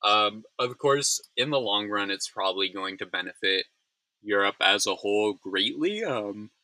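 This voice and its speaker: A weary man talks through the day's news on his own, rambling and circling back with plenty of ums. His lowish voice has a bright, forward edge, and the recording is very dry and close. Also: expressive, normal speed, no room sound, low-quality recording. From United States. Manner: tired, rambling, self-deprecating, many fillers. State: yawning, frazzled. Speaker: news recap host. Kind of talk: casual solo news commentary.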